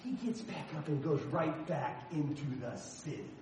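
A man preaching a sermon in a church, emphatic and animated, breaking into sudden shouts. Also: on the high side, moderate pace, a little hiss or hum. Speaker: pastor. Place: church sanctuary. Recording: roomy echo, voice heard from a distance.

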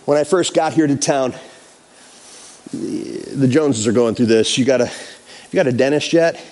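A pastor telling a personal story in a sermon, acting out the quotes in an animated way. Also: male voice, mid-range voice, moderate pace.

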